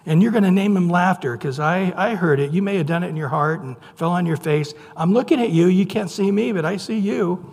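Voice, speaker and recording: A man's voice: high-pitched, a little fast, creaky, hardly any pauses, a little mellow. A man playing a stern, slightly irritated deity who speaks firmly to a man. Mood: insistent. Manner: firm, insistent. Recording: long reverb in a large hall.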